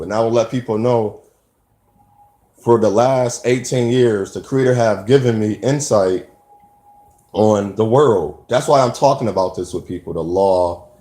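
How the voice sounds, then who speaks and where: A man's voice: mid-range voice, a little mellow, roomy sound. A man talking earnestly in an unscripted monologue, preaching about commitment, with many restarts and repeated words. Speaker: self-made video speaker.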